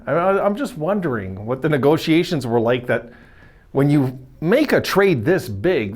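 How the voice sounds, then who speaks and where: A man hosting a casual solo video, talking in a rambling, chatty way with frequent self-corrections and asides. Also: a little high. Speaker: hockey video host.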